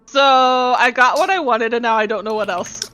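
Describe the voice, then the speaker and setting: A woman's voice: fairly high pitch, expressive, a little fast, pushed and bright, faint music behind. Playful woman at a game table. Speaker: player. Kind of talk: casual tabletop game chat.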